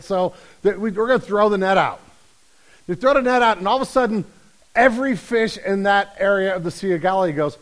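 A man's voice: sits high, brisk, low-quality recording. A man pastor preaching a conversational, humorous sermon, telling the story with acted-out voices. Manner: lively storytelling, acts out quoted voices.

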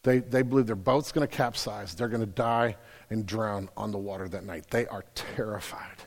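A young adult man preaching a sermon, telling a story with big swings between loud and hushed. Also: fairly low pitch, normal speed, gravelly, big-room sound. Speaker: pastor.

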